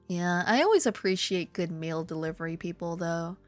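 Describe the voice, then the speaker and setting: A woman chatting casually with her viewers, telling stories with swearing, laughter and sudden high excited outbursts. She lives in Korea. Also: normal speed, soft background music. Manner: animated storytelling, swearing, laughing, jumps to high excited exclamations. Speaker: streamer. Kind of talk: casual chat reading viewer comments.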